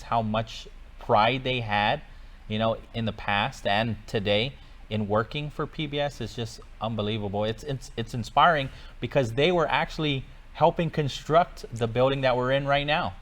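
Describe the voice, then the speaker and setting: A man's voice: mid-range voice, fairly bright tone. A young man guest in a studio interview, friendly and agreeable, laughing easily. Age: young adult. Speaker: guest, public broadcaster staff. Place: radio or TV studio.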